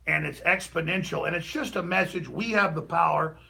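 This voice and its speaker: A middle-aged talk show host speaks fairly quickly in a creaky voice, delivering a heated political rant that shifts from loud outbursts to low mutters.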